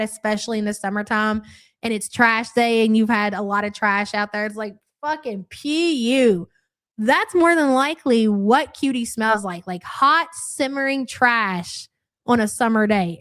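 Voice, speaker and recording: Sarcastic, blunt woman streamer with a high voice. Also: a bit bright. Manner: blunt, sarcastic, swears freely. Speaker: live reaction streamer. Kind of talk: casual live-stream commentary.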